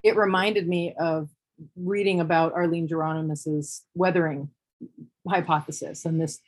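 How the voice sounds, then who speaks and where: A woman talking in a relaxed discussion, thoughtful and wry, often restarting her sentences. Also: deep voice, normal speed, husky. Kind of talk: casual discussion.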